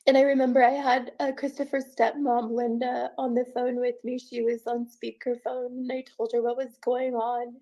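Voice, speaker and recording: A woman telling her own painful story in a halting, tearful way, full of "like" fillers. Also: on the high side, level tone, warm tone. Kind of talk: emotional first-person account.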